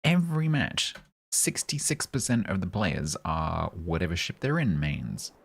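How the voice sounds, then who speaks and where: A game streamer talks with his chat in a relaxed, joking way. His voice sits very low and has a husky edge. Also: measured pace. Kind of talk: casual live-stream chat.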